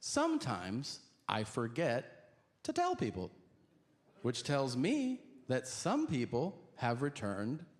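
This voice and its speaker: A man doing stand-up comedy on stage, telling a story deadpan and acting out the other people's voices. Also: medium pitch, slow pace. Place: large theater stage with audience. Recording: echoey hall with audience noise. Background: audience laughter.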